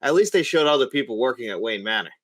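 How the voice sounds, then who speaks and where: Guy on a movie podcast, mid pitch, amused, chimes in short and laughs along. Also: lively intonation, fast, fairly bright tone, dry recording. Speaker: podcast co-host. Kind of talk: casual film discussion.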